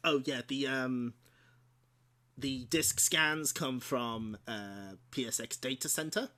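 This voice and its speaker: Here a streamer host speaks slowly at medium pitch, his tone bright and forceful. He chats casually and laughs frequently while presenting old game discs, giggly and prone to correcting himself.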